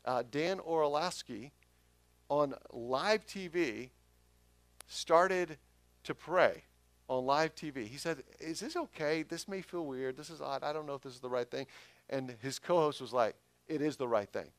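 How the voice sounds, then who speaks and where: A man's voice: fairly high pitch, unhurried, dry recording. Man preaching a conversational sermon. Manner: conversational preaching, rises loud for emphasis. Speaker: pastor.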